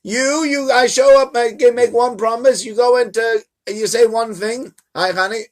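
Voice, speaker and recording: A man's voice: lively intonation, fast talker, a little mellow, natural voice. A man voicing God as a scolding, exasperated male figure who rants mockingly while retelling a scripture story in a lesson. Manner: mocking, exasperated rant, rising pitch.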